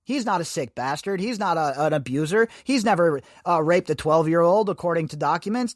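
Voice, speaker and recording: A man's voice: a little high, lively intonation, moderate pace, hardly any pauses, dry recording, studio quality. A man hosting a podcast, giving emphatic, sarcastic commentary full of rhetorical questions. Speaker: podcast host. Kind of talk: opinionated commentary.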